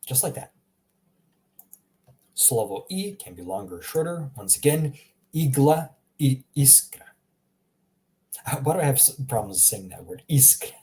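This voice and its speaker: A man teaching a language lesson in an unhurried, easygoing way. His voice is dark and mellow, and he talks slowly. He repeats each example word several times. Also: fairly low pitch. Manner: relaxed, repeats words slowly with small laughs. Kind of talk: casual spoken language lesson.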